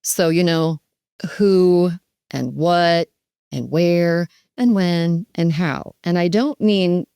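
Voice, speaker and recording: A woman dementia care educator teaching in an animated, emphatic way, with role-play demonstrations. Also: on the low side, slow pace, clean tone, no echo, studio quality.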